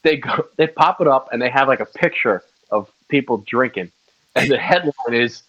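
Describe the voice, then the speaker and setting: A man's voice: mid-range voice, animated, moderate pace, fairly bright tone. Rambling, swearing man, lo-fi sound. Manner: swears a lot, rambling storyteller. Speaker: podcast co-host. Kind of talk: casual chat.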